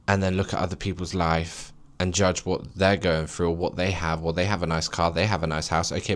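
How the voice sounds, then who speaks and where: A man's voice: sits low, fairly bright tone. A man in his late twenties hosting a solo podcast, rambling and preachy as he urges listeners on with emphatic encouragement. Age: late 20s. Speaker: podcast host.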